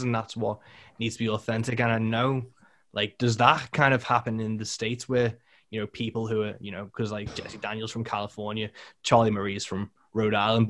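A man, a guest on a podcast, explaining his points in a measured way in casual chat. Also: fairly low pitch, a bit bright. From United Kingdom.

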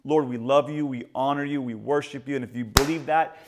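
A man in his forties, a pastor preaching a sermon in a church, telling stories with lively swings in pitch and loudness and calling out to the congregation. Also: fairly quick, background noise. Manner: prays and calls to the congregation.

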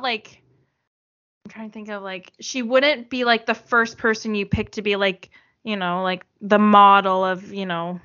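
A woman's voice: mid-range voice, pushed and bright. A woman chatting casually, rambling with lots of filler words and frequent laughs. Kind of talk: casual chat. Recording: dull lo-fi sound.

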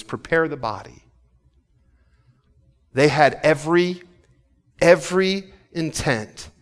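Impassioned preacher. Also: male voice, mid-range voice. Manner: swings between hushed, intimate passages and rising, fervent preaching; repeats and restarts words as he builds intensity. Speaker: pastor. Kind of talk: sermon.

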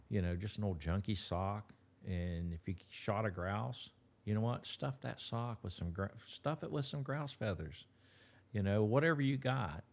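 Gravelly low Appalachian man. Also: darkish tone. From West Virginia. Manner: folksy, rambling with repeated restarts. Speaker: guest bird dog trainer. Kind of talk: casual interview talk.

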